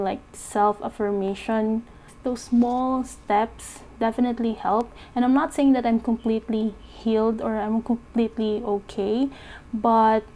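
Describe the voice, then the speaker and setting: Soft-spoken young woman, candid and halting. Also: fairly high pitch. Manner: soft, halting, open about her feelings, with frequent fillers. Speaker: budgeting vlogger. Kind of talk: candid personal vlog talk.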